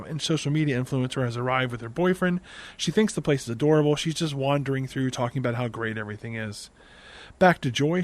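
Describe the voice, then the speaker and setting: A tired man hosting a podcast, casually recapping a film's plot with dry, wry asides. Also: mid-range voice. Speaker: podcast host.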